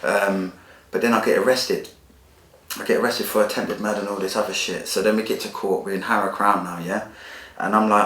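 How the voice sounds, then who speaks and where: A man with a very deep voice, guesting on a podcast, tells his own story bluntly and with feeling, packed with street slang and cursing. His tone stays steady and a bit bright, and he talks a little fast. The room has an echo.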